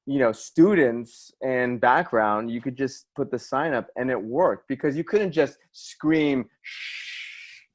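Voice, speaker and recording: A middle-aged man, an assistant director, reminiscing in relaxed podcast conversation with an easy laugh. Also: medium pitch, a little slow, few pauses. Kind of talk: casual conversation.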